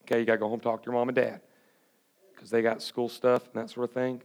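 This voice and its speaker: A man's voice: medium pitch, little pitch movement, fast, a little mellow. A pastor preaching a sermon to his congregation in a church, folksy and plain-spoken, calling for responses from the pews. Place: church sanctuary before a congregation.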